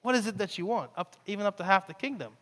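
A man's voice: high-pitched, racing, a bit bright, pitched above the performer's own voice. A man voicing a generous, impulsive male king with a casual, offhand delivery, within a sermon. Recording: long hall reverb.

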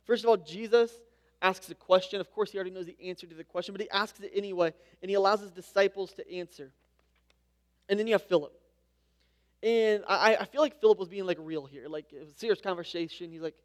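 High-voiced man preaching in a hall. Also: fast. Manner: conversational preaching with casual asides. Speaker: pastor. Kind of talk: sermon. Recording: long hall reverb.

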